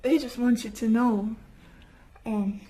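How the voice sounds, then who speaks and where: A woman giving a gentle, emotive tarot card reading, whose first language is not English and who often drops into a near whisper. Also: fairly high pitch, steady tone, slow, a little hiss or hum, poor audio. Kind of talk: soft-spoken pick-a-card tarot reading.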